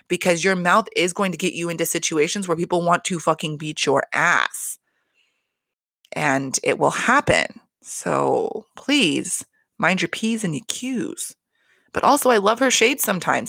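A woman's voice: lowish voice, fairly bright tone, dry recording. A woman hosting a casual reality TV recap, talking bluntly with constant swearing and exasperated rants. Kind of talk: casual profane recap chat.

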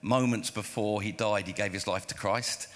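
A male pastor preaching a sermon, telling stories in an animated way and acting out the dialogue. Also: lowish voice, normal speed. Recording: reverberant hall.

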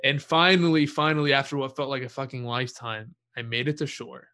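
Young man, bright tone, casual storyteller, relaxed and profane, laughs at himself. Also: medium pitch, brisk. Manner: relaxed, swears freely, laughs at his own story. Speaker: guest telling a story.

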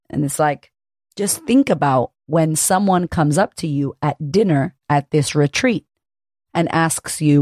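A woman, a confidence coach hosting her own podcast, talking solo in a high-energy, chatty way and swearing casually. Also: unhurried, a little mellow, no room sound, clean studio sound.

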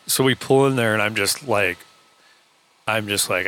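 A man's voice: fairly low pitch, moderate pace, long pauses, sharp tone, clear, resonant tone. A man co-hosting a podcast and retelling a story in casual talk, full of quoted dialogue. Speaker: podcast co-host, truck driver.

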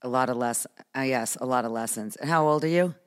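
In casual chat on the podcast she hosts with her daughter, this American comedian in her fifties is playful and often laughs. Her voice is bass, and her pace is fairly quick.

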